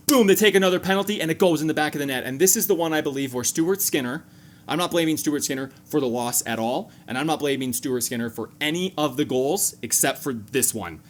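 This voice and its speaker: Speaking fast in a fairly high voice, a man hosts a sports fan reaction video, breaking down the game in a casual, joking way punctuated by sudden animated outbursts.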